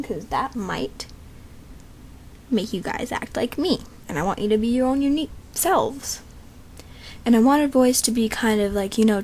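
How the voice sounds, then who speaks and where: A woman with a thin, slight voice, chatting casually and rambling as she explains a voice casting call. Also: on the high side. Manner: rambling and chatty, with many fillers and asides. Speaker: creator announcing a voice casting call.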